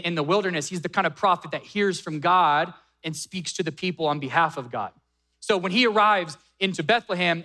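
High bright-voiced preacher telling a story. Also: male voice. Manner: storytelling preacher, dramatic pauses, acts out quoted lines. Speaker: pastor. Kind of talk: sermon.

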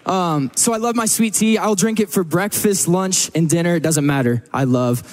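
A man's voice: high voice, normal speed. A man from Texas, preaching a sermon to a church in a casual, joking storytelling manner. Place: church service.

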